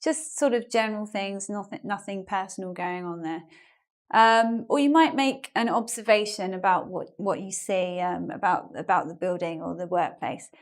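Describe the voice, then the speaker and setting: A British woman teaching English online, talking at an everyday middle pitch. Her delivery is chatty, and she keeps explaining phrases with examples and little asides. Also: normal speed. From England. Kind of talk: online language lesson.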